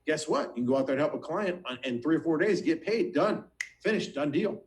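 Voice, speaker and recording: A man with a fairly high voice delivers an energetic motivational pitch. He talks straight to his listeners, asks them question after question, and stumbles over repeated words as he pushes ahead. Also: fairly quick, poor audio. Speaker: financial business recruiter.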